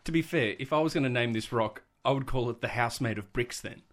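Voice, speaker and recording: A man co-hosting a comedy podcast, throwing in animated, swearing interjections. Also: mid-range voice, brisk. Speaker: podcast co-host. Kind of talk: casual comedic banter.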